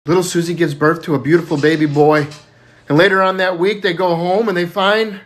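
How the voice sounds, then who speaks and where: A man's voice: sits high, fairly even intonation, fairly quick. A man casually telling dirty jokes, laughing at his own punchlines. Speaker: joke teller.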